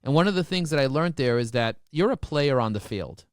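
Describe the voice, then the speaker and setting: A man's voice: mid-range voice, a little fast, clean tone, dry recording, studio quality. A man telling stories with great enthusiasm as a guest in a podcast interview. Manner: enthusiastic, excitable storyteller. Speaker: business guest.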